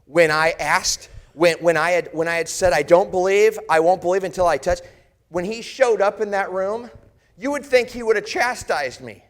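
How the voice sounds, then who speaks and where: Pastor as the disciple Thomas, impassioned. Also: male voice, high voice, moderate pace, natural voice. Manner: impassioned, searching, speaks straight to listeners. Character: the disciple Thomas, an earnest grieving adult man. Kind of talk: first-person dramatic sermon monologue.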